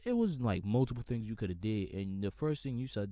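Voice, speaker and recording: Animated, profane male podcast host. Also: fast talker, few pauses, dry recording. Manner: animated, profane, swings from shouting to low mumbling. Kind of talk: heated comedic rant.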